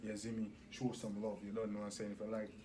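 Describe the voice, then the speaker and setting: A man with a Jamaican accent reacting to a music video, full of patois slang and loud bursts of hype. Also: lowish voice, monotone, fast talker, noisy background.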